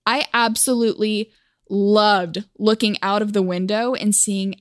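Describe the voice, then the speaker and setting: A woman's voice: mid-range voice, steady tone, a little slow, no room sound, clean studio sound. A young woman from Oklahoma telling a personal story for a vlog in a wry, self-mocking, chatty way.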